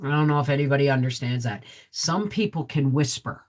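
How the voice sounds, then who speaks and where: A middle-aged woman with a deep, resonant voice, hosting a casual vlog live stream. She chats straight to viewers, reads their comments and keeps asking "right?". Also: a little fast. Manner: chatty, talks straight to viewers with frequent "right?". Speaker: homesteading vlog host.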